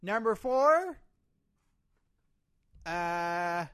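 A man's voice: high voice, very animated, extremely slow, a bit bright, clean tone, exaggerated voice. A man impersonating a boastful male pro-wrestling villain, talking with a lisp in a pompous, bossy, rambling way. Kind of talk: comedic impression sketch.

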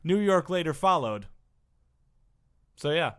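A man hosting a casual comedic chat, reading facts aloud with halting restarts and joking asides. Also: on the high side, expressive.

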